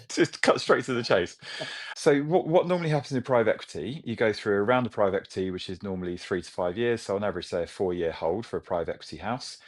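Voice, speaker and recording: A man in his forties from Britain, a company chief talking with animated enthusiasm in a business interview. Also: lowish voice, fast talker. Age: 40s. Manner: enthusiastic, animated storytelling with laughs. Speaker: CEO guest.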